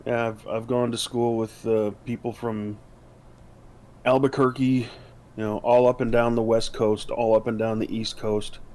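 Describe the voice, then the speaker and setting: A man talks casually on a podcast, wandering through his points with frequent fillers and restarts. His voice sits at a middle pitch for a man. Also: level tone, a little slow, darkish tone. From United States. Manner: rambling, many fillers and restarts. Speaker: podcast co-host. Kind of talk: casual chat.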